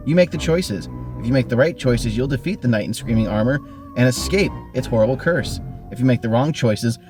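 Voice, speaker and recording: A man's voice: mid-range voice, brisk. A man hosting a podcast and theatrically reading a gamebook aloud. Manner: animated, theatrical read-aloud. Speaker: podcast host and narrator. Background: background music.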